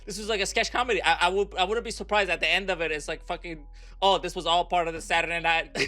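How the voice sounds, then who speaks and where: A man's voice: high voice, fast talker, sharp tone, soft background music. A young man reacting to a video, ranting incredulously, swearing and repeating himself. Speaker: reaction streamer. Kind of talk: profane ranting reaction commentary.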